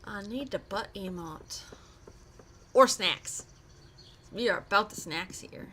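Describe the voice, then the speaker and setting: A woman's voice: medium pitch, slow pace, bright, forceful tone, a little hiss or hum. A young adult woman streaming a game live, chatting in a giggly, rambling way full of silly asides. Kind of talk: casual live-stream chat while gaming.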